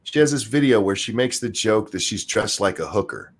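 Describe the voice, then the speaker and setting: A man with a Southern US accent who co-hosts a podcast, ranting in casual chat, profane and quick to restart his sentences. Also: fairly low pitch, slightly rough. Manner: animated, profane, repeats words when starting sentences. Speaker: podcast co-host.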